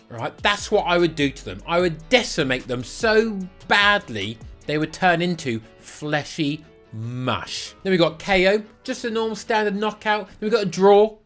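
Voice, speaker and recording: Animated, crude young man. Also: on the high side. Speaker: YouTube host. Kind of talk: comedic monologue.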